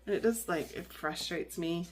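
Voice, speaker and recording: A woman's voice: on the low side, normal speed, faint music behind. A woman vlogger chatting in a rambling way with lots of fillers and restarts while she decorates her planner. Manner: rambling, many fillers and restarts, laughs often.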